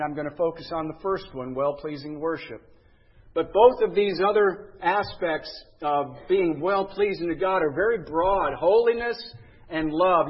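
A pastor preaches earnestly, stretching out the words he wants to emphasize. His voice sits high with a breathy edge, and the audio sounds dull.

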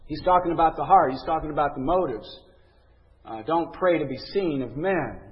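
A man's voice: a little high, normal speed, in a large hall, muffled recording. A man teaching a Bible lesson, earnest and conversational, reading scripture with emphasis.

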